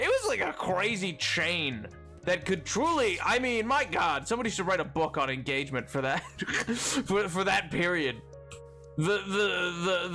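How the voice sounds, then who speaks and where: A man's voice: fairly high pitch, bright, forceful tone. A young man streaming a game, chatting casually and rambling, reading chat aloud with playful indignation.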